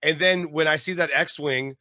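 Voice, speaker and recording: Male host, animated and chatty, bright tense voice, dry close sound. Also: fairly high pitch, unhurried, no room sound. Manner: animated, laughing fan talk. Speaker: podcast host. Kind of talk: casual interview chat.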